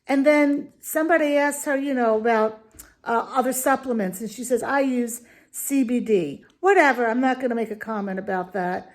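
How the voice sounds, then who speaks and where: A woman's voice: on the high side, fairly quick. A woman giving an opinionated video review, talking in an indignant, emphatic, ranting way. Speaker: dog food reviewer.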